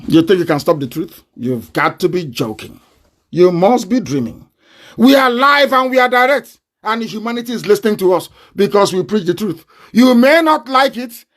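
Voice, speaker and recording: A man's voice: high-pitched, animated, normal speed. A man with a Nigerian accent, speaking in a fiery, confrontational live online broadcast and breaking into mocking laughter. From southeastern Nigeria.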